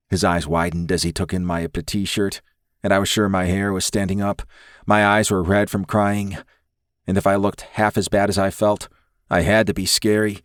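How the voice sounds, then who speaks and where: Guy reading a romance audiobook in first person, lowish voice, dry close sound. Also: steady tone, normal speed, no echo. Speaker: audiobook narrator.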